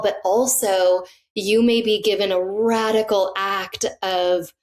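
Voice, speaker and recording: Middle-aged woman, podcast guest, animated, eager storyteller. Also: medium pitch. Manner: enthusiastic, animated, laughs often. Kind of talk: casual storytelling in conversation.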